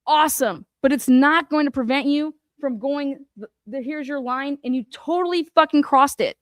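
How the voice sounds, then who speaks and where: A woman's voice: high voice, normal speed, no echo, studio quality. Angry, profane woman ranting about a court case. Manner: addresses people directly with rhetorical questions. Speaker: commentary host.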